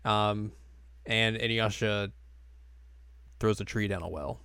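A man's voice: fairly low pitch, fairly even intonation, slow pace, pushed and bright, clear, resonant tone, no room sound. A young man hosting a casual anime recap podcast, joking and sarcastic as he rambles through the episode. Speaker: podcast host.

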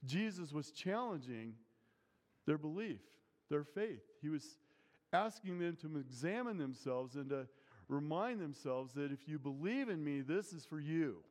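A man's voice: fairly high pitch, expressive, unhurried, a little mellow. Man, pastor, sermon, earnest, emphatic, long hall reverb. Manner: earnest, emphatic preaching with rising intensity on key phrases.

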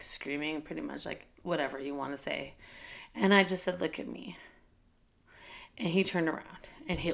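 Gravelly-voiced woman telling a heartfelt story. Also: on the low side. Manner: candid, heartfelt, tearful at times, many fillers. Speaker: school teacher and administrator. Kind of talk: emotional personal storytelling.

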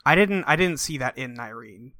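A man chatting casually as a podcast co-host, blunt and sarcastic and quick to mock. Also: mid-range voice, expressive, pushed and bright, no room sound, clean studio sound. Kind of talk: casual chat.

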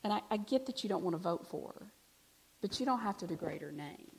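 A woman preaching a sermon, telling a personal story in a conversational way, swinging from hushed to emphatic. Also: medium pitch, lively intonation, quick pace, vocal fry, husky.

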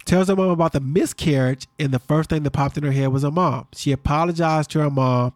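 A man co-hosting a podcast, recapping a reality show in quick, animated casual chat. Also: a little high, dry recording. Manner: fast-talking, animated storyteller. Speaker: podcast co-host.

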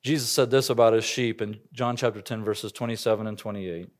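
A man's voice: on the low side, fairly even intonation, fairly quick. Earnest male pastor preaching. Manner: earnest, emphatic preaching with varied pace and volume. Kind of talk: sermon.

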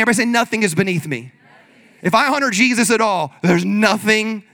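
A man preaching a sermon in an energetic, conversational way, leading the congregation in call-and-response. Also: sits high. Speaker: pastor.

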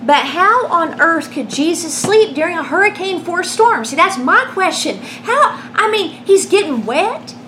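High-voiced woman teaching the Bible. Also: a little slow, few pauses, slight background noise. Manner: animated, storytelling, asks rhetorical questions.

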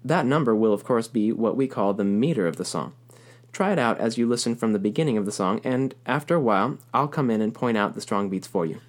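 A man's voice: mid-range voice, lively intonation, brisk. A man teaching a recorded music lesson, explaining rhythm patiently and counting beats aloud.

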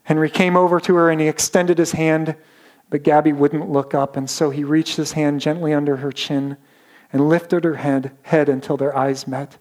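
Slightly high-voiced male preacher. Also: little pitch movement, darkish tone. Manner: dramatic storytelling with slowed emphasis. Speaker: pastor. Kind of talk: sermon storytelling.

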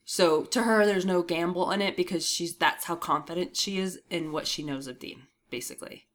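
A woman's voice: lowish voice, moderate pace. Casual woman co-host with a cough. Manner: laughs often, swears casually. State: coughing with a cold. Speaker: podcast co-host. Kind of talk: casual fan podcast chat.

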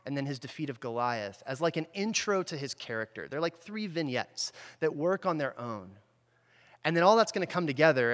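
A man's voice: mid-range voice, a bit bright. Man preaching casually in a reverberant hall. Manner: casual, storytelling, often checks in with "right?". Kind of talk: conversational sermon. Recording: long reverb from a large hall.

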